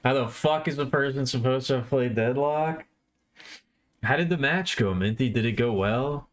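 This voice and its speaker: A man's voice: medium pitch, normal speed. A man livestreaming, rambling casually and poking fun at himself while chatting with his viewers.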